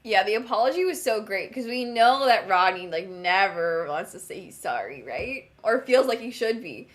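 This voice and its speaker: A woman's voice: mid-range voice, lively intonation, normal speed. A woman co-hosting a fan podcast in casual chat, enthusiastic and giggly, quoting characters. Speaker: podcast co-host.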